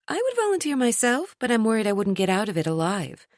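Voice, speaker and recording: A woman's voice: fairly high pitch, huge pitch swings, fast talker, no echo, studio quality, voice pushed up. A woman doing a gossipy, teasing coworker. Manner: playful and teasing. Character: gossipy, giggly young female coworker.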